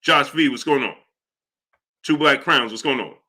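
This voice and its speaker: A man's voice: mid-range voice, moderate pace, pushed and bright. A middle-aged man hosting a live boxing talk stream, reading chat messages and repeating himself in exasperation. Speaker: boxing talk show host. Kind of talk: live-stream commentary reading super chats.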